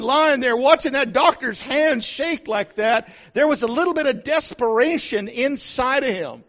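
Middle-aged man, very high voice, folksy preacher telling stories, dull lo-fi recording. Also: normal speed, hardly any pauses, fairly bright tone. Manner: folksy storyteller, acts out quotes. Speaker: pastor. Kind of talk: sermon with personal story. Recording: dull lo-fi sound.

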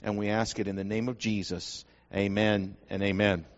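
A man's voice: on the low side, flat delivery, moderate pace. A man leading a church service as pastor, earnest in prayer and chuckling through light anecdotes, on a dull lo-fi recording. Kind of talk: sermon.

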